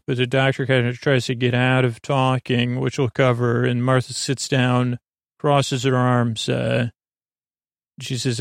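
A man hosting a podcast, casually recapping an episode for bedtime, rambling and halting with many fillers. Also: medium pitch, vocal fry, no echo, clean studio sound. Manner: acts out quoted lines in a near-plain voice. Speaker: podcast host.

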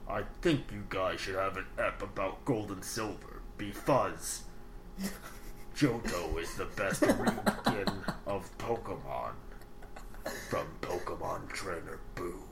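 A man doing a slow, deep Darth Vader voice. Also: expressive, vocal fry, exaggerated voice. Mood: ominous. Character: Darth Vader impression, deep menacing male villain. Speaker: podcast co-host reading a listener email. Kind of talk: put-on voice reading a letter aloud. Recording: loud clicking noise over the voice.

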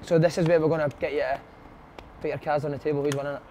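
A Scottish man hosting a casual football chat, quick and teasing with his panel. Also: a little high, level tone, a little mellow, slight background noise. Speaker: podcast host.

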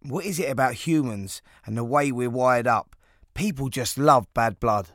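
A man's voice: medium pitch, fairly bright tone, dry recording, studio quality. Man narrating a sports documentary. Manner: measured, formal storytelling. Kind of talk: scripted narration.

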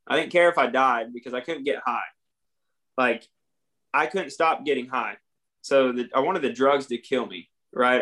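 A man's voice: medium pitch, a bit bright. Earnest young man telling his story. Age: young adult. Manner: earnest, plain-spoken, acts out his own past dialogue. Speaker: podcast guest. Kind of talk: candid storytelling about addiction recovery.

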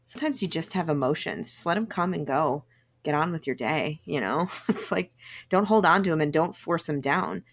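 A woman co-hosting a podcast in casual chat, relaxed and chatty, laughing often. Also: deep voice, normal speed. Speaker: podcast co-host.

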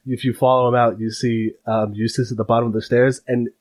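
A man's voice: medium pitch, fairly quick. A man narrating a tabletop game as game master, rambling with lots of fillers. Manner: rambling, filler-heavy, animated.

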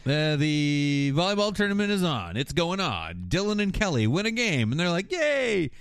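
Guy recapping a tv episode, super animated, smooth clear voice, dry close mic. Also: fairly high pitch, no echo. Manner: animated, acting out every character with quick voice switches. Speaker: podcast host.

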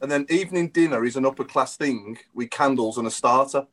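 A man's voice: mid-range voice, a little fast, a bit bright. A man hosting a casual podcast, asking questions and steering the talk. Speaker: podcast host.

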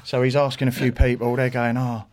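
A middle-aged man, a podcast guest, telling an animated anecdote in a casual way, swearing and acting out what others said. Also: mid-range voice, brisk.

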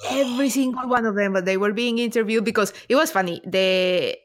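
A woman co-hosting a casual chat, chatty and quick to laugh, with many fillers. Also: on the high side. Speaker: podcast co-host.

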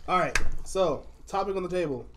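A man's voice: sits high, lively intonation, a little fast, noisy background. A young man co-hosting a casual podcast, teasing his friends and laughing. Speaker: podcast co-host. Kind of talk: casual chat.

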